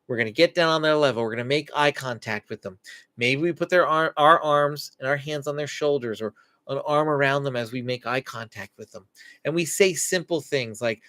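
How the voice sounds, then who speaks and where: A man's voice: mid-range voice, brisk. A man hosting a live stream as a Christian parenting coach, teaching earnestly and acting out what parents and children say. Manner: animated, acts out quoted parent and child lines; earnest, instructive.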